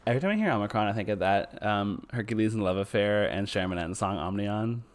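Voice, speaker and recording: A man co-hosting a podcast in loose, chatty talk, with a fairly low voice that keeps jumping up and down in pitch. He gets excited fast, swears, and often trails off mid-sentence before starting over. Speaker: podcast co-host. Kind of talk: casual chat.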